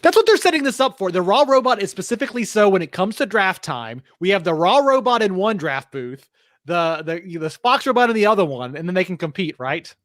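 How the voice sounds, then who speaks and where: A man's voice: high voice, big pitch swings, brisk, a bit bright, dry recording. A man co-hosting a podcast, giving his opinions in a wry, casual way with lots of rhetorical questions. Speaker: podcast co-host.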